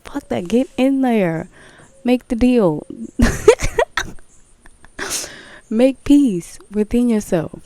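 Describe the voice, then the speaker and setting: A woman's voice: a little high, lively intonation, drawn-out words, pauses often, mellow, no room sound. A woman talking candidly to her viewers about her spiritual path, emphatic, repeating phrases, swearing and laughing. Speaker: spiritual vlogger. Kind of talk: casual spiritual talk to viewers.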